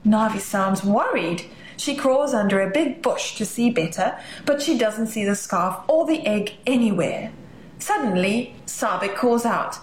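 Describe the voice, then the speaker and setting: A woman reading a children's story aloud, gentle and expressive with hushed asides. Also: a little high, unhurried, slight background noise. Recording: roomy echo, faint ambience.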